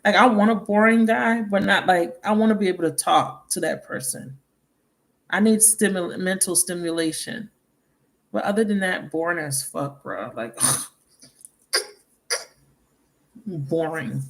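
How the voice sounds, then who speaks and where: A woman's voice: fairly low pitch, animated, unhurried, vocal fry, pauses often. Blunt, profane woman tarot reader. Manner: blunt, profane, chatty storytelling with laughs. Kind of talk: casual tarot reading monologue.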